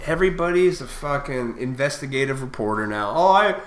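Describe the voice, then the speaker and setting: A man in his thirties delivering a profane, heated rant to camera, swinging between loud outbursts and quieter reflective stretches. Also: mid-range voice, expressive, fairly quick. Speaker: vlogger. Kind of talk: profane ranting monologue. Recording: echoey room.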